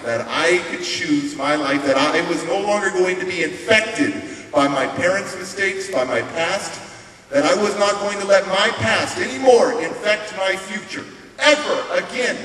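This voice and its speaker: A man giving a motivational stage speech, telling his story emphatically with dramatic pauses. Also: sits high, fairly bright tone. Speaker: motivational speaker. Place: large hall on stage. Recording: echoey hall from far off, hiss.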